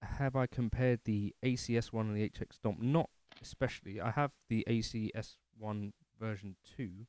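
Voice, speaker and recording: A man's voice: fairly low pitch, fairly even intonation, normal speed, few pauses, a little mellow, no room sound. A man hosting a casual livestream from his living room, rambling and self-deprecating as he answers chat comments. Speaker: livestream host.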